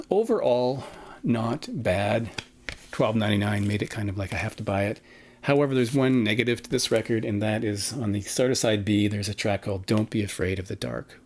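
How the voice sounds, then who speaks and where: Opinionated man reviewing records, low voice. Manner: frank, opinionated, with frequent fillers and restarts. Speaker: record collector vlogger. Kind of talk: casual record review monologue.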